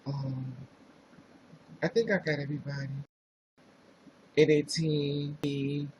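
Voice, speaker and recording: Jersey guy livestreaming, sassy and chatty, slow drawl, faint room hum. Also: on the high side, flat delivery, a little mellow, rough recording. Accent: New Jersey. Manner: sassy, chatty, reads viewer names aloud. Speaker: livestream host. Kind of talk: casual livestream chat.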